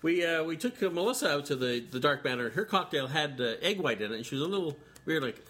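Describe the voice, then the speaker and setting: A man in loose, easygoing chat, his stories wandering with plenty of fillers and restarts. His voice is slightly high and rises and falls a great deal. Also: big pitch swings, quick pace, a bit bright. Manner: rambling with many fillers and restarts. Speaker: cocktail show co-host. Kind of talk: casual chat.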